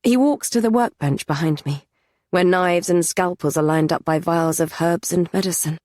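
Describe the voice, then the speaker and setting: A woman narrating a fantasy audiobook in the first person, measured and even. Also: on the low side, no echo, studio quality.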